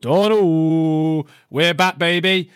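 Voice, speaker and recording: A young man with a slightly high, clear and resonant voice co-hosts a casual football podcast at a slow pace. The studio sound is clean with no echo, and he fills the talk with laughter, swearing and jokey banter.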